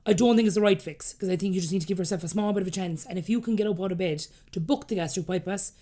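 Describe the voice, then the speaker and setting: A woman in her thirties with an Irish accent who talks very fast. She tells her story in a lively, candid way and slips into the voices of the people she quotes. Her voice sits in a middle range. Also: mid-range voice. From Ireland. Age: 30s. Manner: rapid, animated, acts out quoted dialogue. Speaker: podcast guest.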